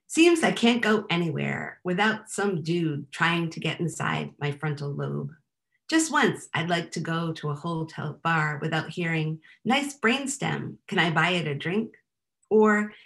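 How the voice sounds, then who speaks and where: A woman poet reads her own work aloud at a live reading. Her voice sits a little low, and her delivery is wry and deadpan. Between poems she drops into loose, chatty asides. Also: gravelly.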